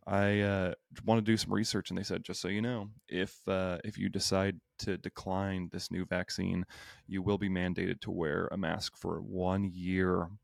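A man's voice: low-pitched, flat delivery, normal speed, creaky, dry recording, studio quality. A man, a healthcare worker, talking as a guest on a podcast in a brash, joking way with plenty of swearing. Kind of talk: casual podcast chat.

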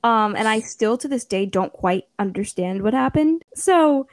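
Animated young woman telling a story. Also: fairly high pitch, a little slow, no room sound. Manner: animated storytelling, acts out quotes, laughs often. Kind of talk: casual chat.

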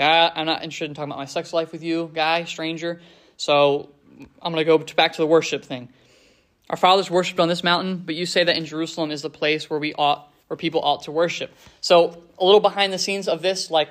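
A man teaching a Bible passage informally, reading verses and paraphrasing them in a relaxed, conversational way. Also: fairly high pitch. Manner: conversational, paraphrases scripture in casual speech.

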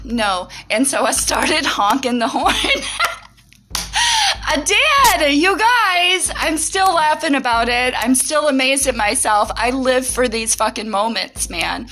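Middle-aged woman podcaster, high bright voice, giggles a lot, curses casually, faint music behind. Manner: giggly, laughs often, swears casually. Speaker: podcast host. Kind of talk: casual storytelling monologue.

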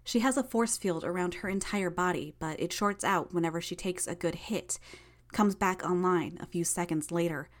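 A woman voicing a wounded, sharp-tongued young villainess. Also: on the low side, normal speed, close to an everyday voice. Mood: strained. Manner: terse, breathless, knowing. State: in pain, strained.

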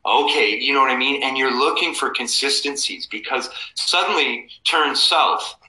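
A man in his forties with a very bright, sharp voice tells stories in a casual interview. He acts out the people he quotes with lively swings in his voice. The room around him sounds echoey. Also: medium pitch, normal speed. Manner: animated anecdotes, acting out quoted people. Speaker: guest, cofounder of a map company.

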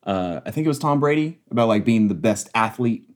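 A man co-hosting a casual sports podcast, building his points in a thoughtful, measured way. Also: lowish voice, animated.

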